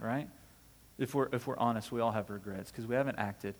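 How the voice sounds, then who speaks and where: A man's voice: mid-range voice, fairly even intonation, fairly quick, big-room sound. A man delivering a sermon as a pastor, conversational and full of rhetorical questions, often checking in with "right?".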